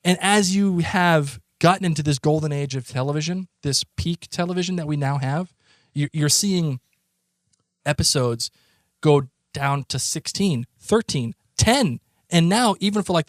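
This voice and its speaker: Boston guy podcast co-host, rambly and excited, slightly high voice, dry close sound. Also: normal speed, dry recording. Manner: rambling, excitable, many restarts. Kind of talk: casual chat.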